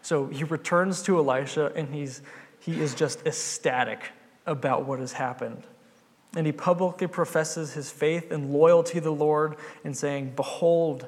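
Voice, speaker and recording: A man's voice: on the high side, a little slow. A man preaching a sermon, retelling a Bible story in an earnest, conversational way. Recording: long hall reverb.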